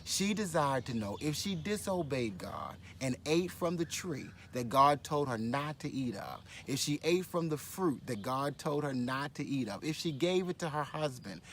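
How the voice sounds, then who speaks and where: A man's voice: a little high, animated, normal speed, few pauses, fairly bright tone, slight background noise. A man hosting a daily devotional as a pastor, speaking on location at a conference with exuberant energy, repeating phrases and leading affirmations. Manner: exuberant, repeats phrases for emphasis, leads call-and-response affirmations. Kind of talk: upbeat devotional message.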